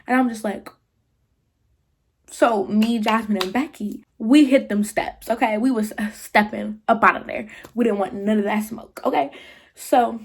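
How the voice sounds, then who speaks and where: A young woman vlogger retelling a party story in casual slangy talk, full of "like", with animated jumps into quoted voices. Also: on the high side. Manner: slangy, filler-heavy, 'like' often.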